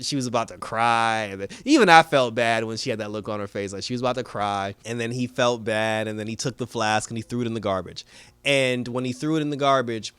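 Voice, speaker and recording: A man's voice: mid-range voice, fairly bright tone, clean tone, dry recording. A man hosting a casual TV review, retelling an episode with quoted character lines and frequent laughter. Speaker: TV review host.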